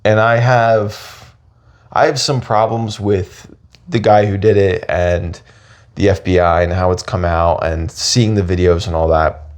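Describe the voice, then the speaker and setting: Low voiced guy cohosting a podcast, rambly, keeps restarting. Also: steady tone, a little slow. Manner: rambling, restarts often, thinks aloud. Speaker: podcast co-host. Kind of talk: casual chat.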